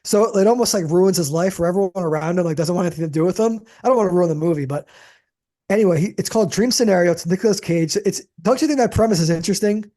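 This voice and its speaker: A man's voice: sits high, fast talker, mellow. A man co-hosting a podcast in rambling casual chat, restarting his sentences and tossing in dude and man. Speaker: podcast co-host.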